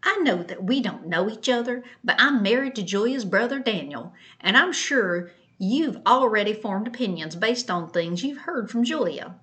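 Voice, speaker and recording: Woman mimicking a higher-pitched sister-in-law, snippy, condescending, indignant, mocking read-aloud. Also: lively intonation, moderate pace, hardly any pauses, fairly bright tone, natural voice.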